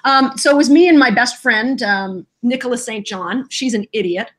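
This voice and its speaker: A woman's voice: on the high side, moderate pace. A middle-aged woman voice actress from Canada, telling stories in a casual interview and acting out the quotes. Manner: animated storyteller, acts out quotes. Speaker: voice actress guest.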